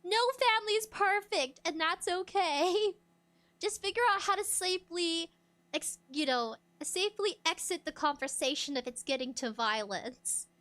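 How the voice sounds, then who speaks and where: A woman streamer chatting casually, laughing often and acting out bits of dialogue in loud bursts. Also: very high-pitched, moderate pace. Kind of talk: casual chat.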